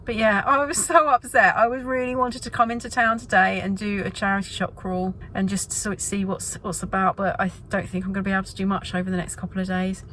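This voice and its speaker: A middle-aged woman with an English accent talks in a casual, chatty vlog. She is excitable and gushing, with a voice of ordinary pitch. A faint noise sits behind her. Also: fast, few pauses. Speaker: vlogger.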